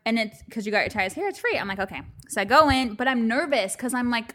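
Woman co-host, casual chat, swears freely, laughs a lot, bright tone, lively pitch. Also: brisk, few pauses. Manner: swears freely, laughs often while telling stories. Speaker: podcast co-host.

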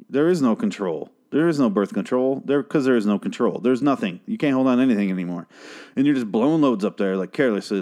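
A man's voice: lowish voice, a little mellow. Rambling, foul-mouthed young man recapping a show. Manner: rambling, crude, exasperated rants. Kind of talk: casual profane episode recap.

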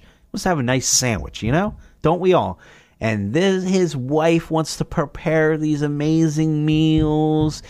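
A man hosting his own podcast, running through movie recommendations in a loose, rambling, jokey way, swearing freely and often jumping into excited, higher asides. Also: dry recording, clean studio sound. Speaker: podcast host. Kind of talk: casual solo movie review.

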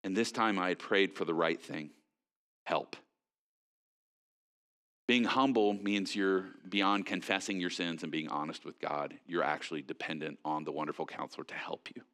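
A man preaching a sermon in a conversational, animated way, with frequent fillers and restarts. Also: low-pitched, normal speed. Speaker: pastor.

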